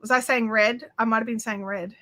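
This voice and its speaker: A woman's voice: fairly high pitch, steady tone, a little fast, fairly bright tone. A woman with an Australian accent hosting a craft livestream from home, chatting effusively with viewers and reading out their comments, full of fillers and restarts.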